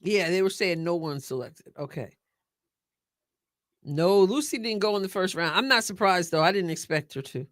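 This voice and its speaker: A middle-aged woman hosting a live stream, chatting casually and excitedly as she reacts to a sports draft and answers her viewers. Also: on the low side, moderate pace, no room sound, clean studio sound. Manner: chatty and excitable, thinking aloud and talking to chat viewers.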